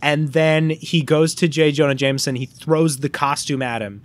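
A man co-hosting a podcast, chatting casually and recounting a story with lively energy. His voice sits a little high for a man. He slips into the lines of the people he describes, and the recording is close and dry. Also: normal speed, no echo. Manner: animated storyteller who acts out quoted lines. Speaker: podcast co-host. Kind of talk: casual chat.

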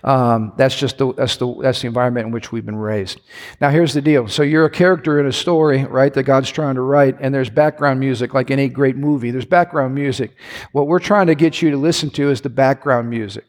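A man's voice: mid-range voice, fairly even intonation, a little fast. A male pastor preaching a sermon in a church, conversational with asides and restarts. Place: church sanctuary. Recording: long hall reverb.

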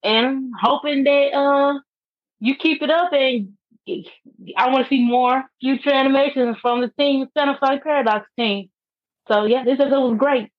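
A woman co-hosts a casual online podcast in a very high voice. She speaks in a bubbly, excited way, heard through a dull lo-fi online call. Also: normal speed, no echo. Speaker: podcast co-host.

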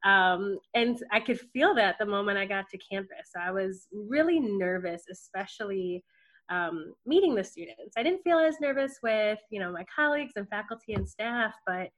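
A woman working in student affairs, giving an earnest, heartfelt tribute as a podcast guest, soft-spoken with many fillers. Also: mid-range voice, expressive, moderate pace.

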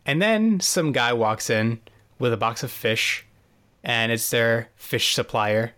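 A man talks through a TV episode in a loose, chatty podcast recap. His humor is dry and sarcastic, and he leans on fillers as he goes. His voice sits at an ordinary middle pitch. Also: slow pace, pushed and bright. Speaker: podcast co-host.

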